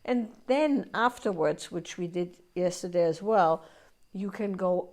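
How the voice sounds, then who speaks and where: A woman's voice: lowish voice, slow, darkish tone. A woman teaching a live workshop in a conversational way, often checking in with "right?" and acting out inner voices in quoted asides. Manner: conversational, keeps asking "right?".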